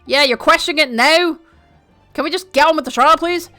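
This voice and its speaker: A woman's voice: high-pitched, a little fast, pushed and bright, no echo. A young Scottish woman streaming a game, sarcastic and swearing freely as she plays to her viewers. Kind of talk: casual gameplay commentary. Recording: faint game music behind.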